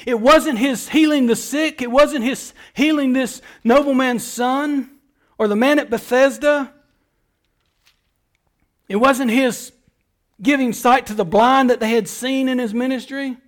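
A middle-aged man preaching a sermon as pastor, building emphatic repeated phrases and swinging from loud appeals to hushed words. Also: sits high.

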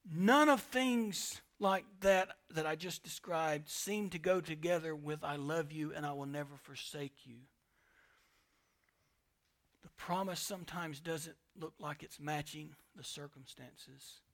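A man preaching a sermon with passion, swinging between loud declarations and hushed asides. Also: a little high, unhurried. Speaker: pastor.

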